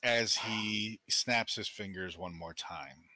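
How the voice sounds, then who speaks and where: A man running a tabletop game as game master, narrating in a relaxed way and chuckling now and then. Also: fairly low pitch, slow, no room sound.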